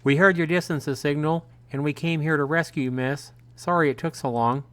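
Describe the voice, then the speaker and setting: A man's voice: on the high side, steady tone, normal speed, a bit bright, clear, resonant tone, no room sound, pitched above the performer's own voice, close to an everyday voice. A man voicing an older male rescuer who speaks in a polite, reassuring way. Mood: relieved, polite.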